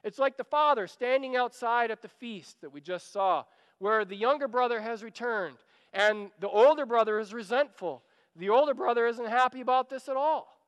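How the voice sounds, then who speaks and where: A man's voice: very high voice, moderate pace, fairly bright tone, clean tone, in a large hall. A man preaching a sermon, earnest and urging, often repeating a phrase as he pleads. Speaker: pastor.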